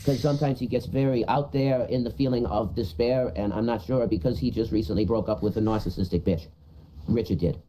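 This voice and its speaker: A man's voice: mid-range voice, a little fast, noisy background. A man on a livestream, rambling crudely and repeating himself in casual chat.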